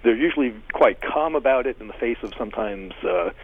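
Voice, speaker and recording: A man giving thoughtful, animated interview answers as a guest, talking in a discursive and emphatic way. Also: mid-range voice, brisk, a little hiss or hum. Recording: tinny phone line.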